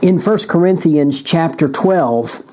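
A pastor teaching from the Bible at an unhurried pace. His voice is mellow, and his delivery is deliberate and emphatic. He leans on key words by repeating them. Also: a little high, lively intonation. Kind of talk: sermon-style bible teaching.

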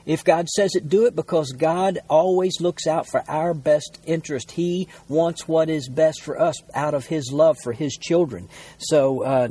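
A male pastor teaching a sermon, reading scripture aloud and explaining it with many pauses and repeated words. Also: a little high, mellow, husky. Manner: unscripted teaching with frequent uh fillers and repeated words.

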